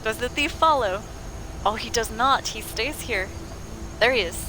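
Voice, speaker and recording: Bright, excitable woman game streamer. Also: on the high side, a little slow, pauses often, slight background noise. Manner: chatty, excitable, shouts at game characters. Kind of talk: live gameplay commentary.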